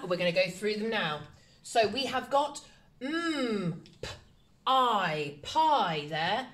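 Woman, primary teacher, slow and sing-song with a lively pitch, praises a lot, sounds out letters. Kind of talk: phonics lesson for young children. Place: home, recorded for online learning.

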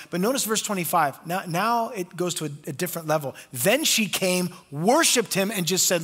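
A man preaching a sermon as pastor, passionate, moving from loud pleading to hushed tones and acting out quoted voices. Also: high-pitched, animated, moderate pace, few pauses, breathy edge, big-room sound. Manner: acts out quoted voices in conversational asides. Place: church sanctuary.

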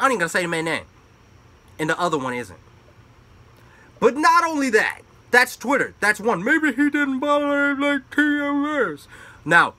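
A young man hosting his own opinion commentary channel, ranting with profanity and swinging between loud outbursts and low asides.

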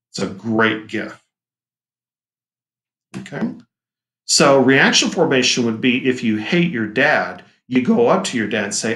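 Male teacher, casual and jokey, mid pitch, echoey classroom sound. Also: big pitch swings, slow pace, pauses often, a bit bright. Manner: casual, joking, acts out quoted lines. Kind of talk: recorded classroom lecture.

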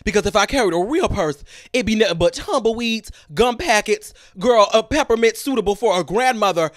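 A young man chatting on a livestream in a dramatic, animated way, talking straight to his viewers. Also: sits high, a little fast. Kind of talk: casual livestream chat.

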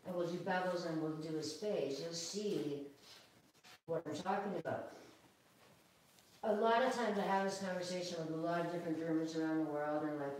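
A woman's voice: fairly low pitch, normal speed, far from the mic, a little hiss or hum. Woman groomer in an echoey room. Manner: chatty and calm, talks to the dog. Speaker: dog groomer. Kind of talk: live grooming demonstration. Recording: echoey room, away from the mic.

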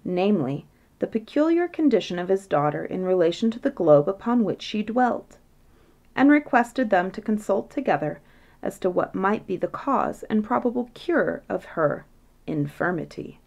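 A woman narrating a bedtime fairytale in a measured, gentle manner. Her voice is mid-pitched, and she keeps an even, unhurried storytelling pace. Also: vocal fry.

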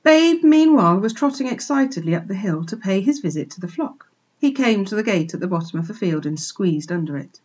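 A woman teacher expressively reading a children's book aloud for a remote class, pausing to point out pictures, on a dull lo-fi recording. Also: medium pitch, very animated, darkish tone, husky. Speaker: primary school teacher. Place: home, remote lesson.

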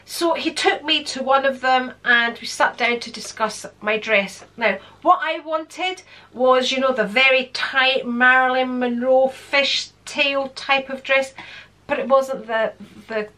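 A woman's voice: sits high, unhurried, pushed and bright. A woman, telling a long personal story in a chatty, rambling way full of fillers. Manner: chatty, digressive, with frequent fillers. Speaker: vlogger. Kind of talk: casual storytelling.

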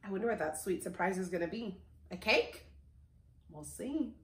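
A woman music teacher leading a children's lesson from home. She reads a story aloud and asks the children gentle questions. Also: fairly low pitch, brisk, roomy sound.

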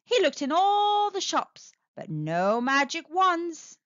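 A woman telling a children's story aloud, with a sing-song, expressive delivery, in a slightly muffled, dry recording. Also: extremely high pitch, slow pace, no room sound. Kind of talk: children's read-aloud narration.

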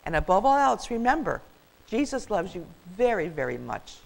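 An older woman reading a children's story aloud as a grandmotherly storyteller, in a warm, expressive way. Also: mid-range voice, normal speed, creaky, low-quality recording.

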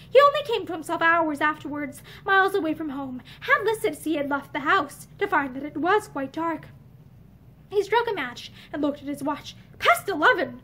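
A woman reads a novel aloud with an expressive, earnest delivery. Her voice is very high. She sits facing the camera in an indoor room lined with bookshelves. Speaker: audiobook reader.

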